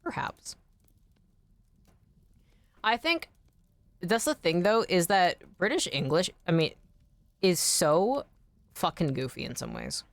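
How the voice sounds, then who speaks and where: An American woman chatting casually on a game stream, animated, swearing freely and laughing often. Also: on the low side, slow pace, pauses often, dry recording. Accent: General American. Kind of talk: casual chat while streaming.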